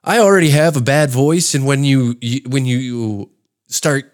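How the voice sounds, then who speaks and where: A man in his thirties hosts his podcast with a nasal, stuffed-up voice from a cold. His pitch sits in the middle, and he rambles in a crude, self-mocking way. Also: unhurried. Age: 30s. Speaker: podcast host. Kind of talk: casual solo podcast talk.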